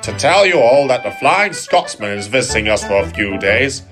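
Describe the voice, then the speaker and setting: A man's voice: medium pitch, big pitch swings, moderate pace, fairly bright tone, soft background music. A man voicing a genial, chuckling male railway boss in a storybook audio reading. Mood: pleased. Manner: jolly, chuckling.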